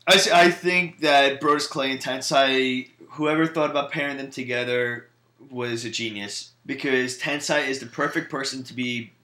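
Bright-voiced podcast man in echoey room. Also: medium pitch, steady tone, normal speed. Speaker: podcast co-host. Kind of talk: casual chat.

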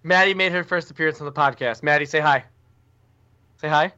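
A man hosts a casual podcast, teasing his co-hosts and moving things along to the next topic. His voice sits a little high and sounds bright and sharp. The recording is dull and lo-fi. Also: a little fast. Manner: teasing, steers the segments. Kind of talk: casual wrestling chat.

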